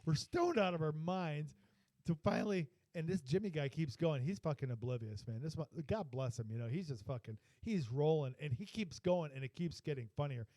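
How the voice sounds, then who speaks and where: A man co-hosting a podcast, telling a long story in a rambling, profane, animated way. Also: on the high side, fairly quick, no room sound. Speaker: podcast co-host. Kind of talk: casual storytelling chat.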